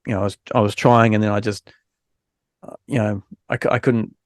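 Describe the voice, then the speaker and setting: Guy hosting a podcast, low gravelly voice, kinda worn out, rambly. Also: flat delivery, a little fast, no echo, studio quality. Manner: frank, rambling, many fillers and restarts. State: recovering from illness, low energy. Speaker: podcast host. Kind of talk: casual podcast chat.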